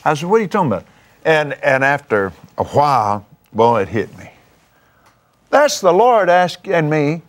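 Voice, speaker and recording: A man hosting a TV show chats and preaches testimony-style at normal speed in a slightly high voice. He's exclamatory and fervent, prone to sudden leaps of excitement.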